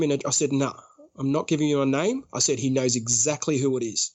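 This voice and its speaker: On a podcast, a guest from Australia chats casually and recounts his story with plenty of energy, voicing others' lines in short bursts and laughing frequently. His mid-pitched voice is a little mellow, with fairly even intonation.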